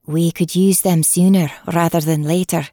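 A woman voicing a light, breathy female hunter with an Irish accent. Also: lowish voice, fairly even intonation, normal speed, warm tone, no room sound, clean studio sound, natural voice. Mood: cheery.

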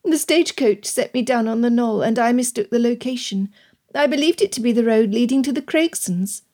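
Woman putting on a soft, breathy young lady. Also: fairly high pitch, brisk, pitched above the performer's own voice, lightly acted. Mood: demure. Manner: soft, near-whispering, studiedly innocent. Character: young genteel lady, demure, wide-eyed.

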